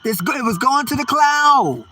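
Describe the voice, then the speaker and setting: An older male comedian in a profane, rambling rant. His voice is very high and bright, and he keeps piling up his complaints. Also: animated, normal speed, slight background noise. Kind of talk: stand-up style ranting monologue.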